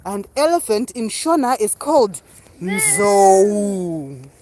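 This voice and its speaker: A woman's voice: sits high, animated, unhurried, a bit bright, a little hiss or hum. A woman, a mother, playfully teaching animal words to her small child at home in a sing-song, coaxing way. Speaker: mother and host of a kids' learning video.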